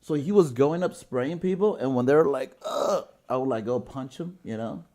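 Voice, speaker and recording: In a podcast studio with guests, a host from Washington State, US, spins a long rambling story in casual conversation. His medium-pitched voice is warm and moves at normal speed, with frequent swearing and laughter mid-sentence.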